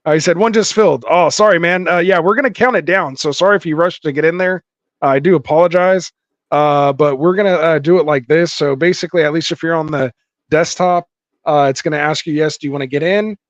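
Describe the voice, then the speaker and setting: Man, live-stream host, slightly high voice, casual chat, excitable, lo-fi dry mic. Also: a little fast, no echo. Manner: excitable, reads viewer comments aloud, many fillers. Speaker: fantasy football stream host.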